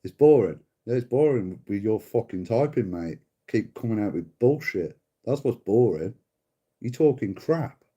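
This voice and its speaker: A man's voice: fairly low pitch, expressive, moderate pace, warm tone, breathy edge, muffled recording. A middle-aged man hosting a livestream, casually bickering and swearing at a viewer, calling him mate. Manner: bickering, sweary, mocking, calls people mate. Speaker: livestream host.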